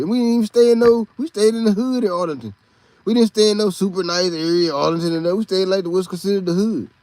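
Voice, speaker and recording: A man's voice: high-pitched, a little mellow, dry recording. A man from Texas with a Texan accent, a podcast host telling a rambling, profane story in a casual monologue.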